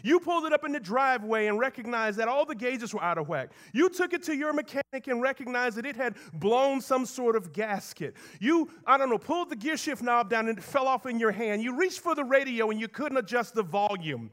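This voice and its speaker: A man preaching a sermon as pastor, moving between soft low asides and raised, emphatic lines. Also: lively intonation, brisk, hardly any pauses.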